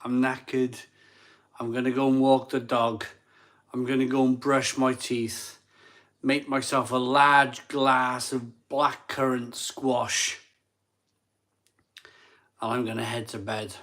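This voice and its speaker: Slow, tipsy man hosting a stream. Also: medium pitch, level tone, a bit bright. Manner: tipsy, rambling, repeats himself. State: tired. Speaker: live stream host. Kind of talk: casual live chat reading super chats.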